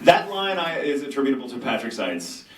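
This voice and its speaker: A man speaking at a convention Q&A panel, telling stories in an animated, self-mocking way and acting out quotes. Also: medium pitch, fairly quick. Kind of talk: storytelling Q&A panel. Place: large convention hall. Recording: echoey convention hall from far off.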